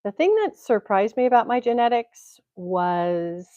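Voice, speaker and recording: Chatting loosely and laughing a lot, this livestream host from Tennessee talks from inside her house. She speaks at a measured pace in a fairly high, animated voice. The computer-mic recording has no echo, but the highs are cut off.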